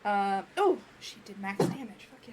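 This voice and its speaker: A woman running a tabletop game as game master, narrating the action in an animated way with frequent fillers. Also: medium pitch, a little slow, slight background noise.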